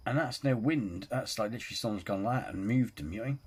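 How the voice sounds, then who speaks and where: A man's voice: fairly low pitch, fast talker, noisy background. A man hosting a reaction video, rambling casually, repeating filler phrases and swearing freely. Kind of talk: casual chat.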